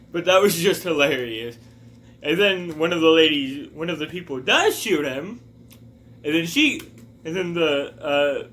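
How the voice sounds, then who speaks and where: Rambling bright-voiced male reviewer. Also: on the high side. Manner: rambling, goes off on tangents. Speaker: video reviewer. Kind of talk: casual review chat.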